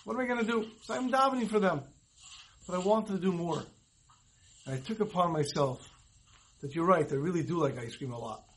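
A man's voice: fairly high pitch, natural voice, poor audio. A man acting out a modest adult congregant who confides sincerely in his rabbi, inside a sermon story.

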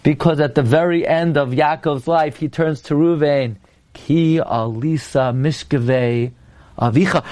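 Man, high voice, Torah teacher, storytelling lecture, loud sudden exclamations. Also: measured pace. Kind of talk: prayer class lecture.

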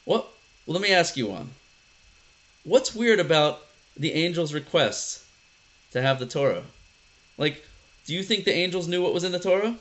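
Animated, conversational male teacher. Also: a little high, normal speed, pauses often. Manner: conversational, asks the class questions, animated storytelling. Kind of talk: casual classroom lesson.

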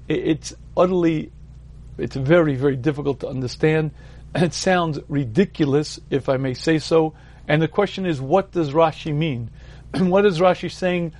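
A man delivering a Torah ethics class in a steady, explanatory way. His voice sits slightly high for a man, and he keeps clearing his throat between points. He repeats key words to press them home. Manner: explanatory, leans on repetition for emphasis. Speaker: Torah teacher.

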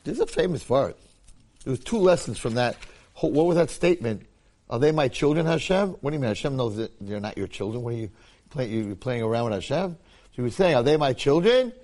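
A man's voice: mid-range voice, brisk. A man giving an informal Torah class, repeating his points and acting out the quotes he tells. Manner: animated, acts out quotes, repeats phrases. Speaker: Torah teacher.

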